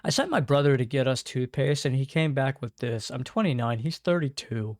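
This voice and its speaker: A man's voice: medium pitch, lively intonation, fairly quick, no echo. Laid-back man riffing on memes, dry sound. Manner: laid-back, swears freely, chuckles often. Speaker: meme reaction host. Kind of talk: casual meme reaction commentary. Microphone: own desk microphone.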